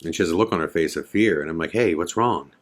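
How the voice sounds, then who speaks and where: A man's voice: extremely low pitch, very fast. A man hosting a podcast, telling a story in a casual, conversational way full of fillers and quoted dialogue. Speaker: podcast host.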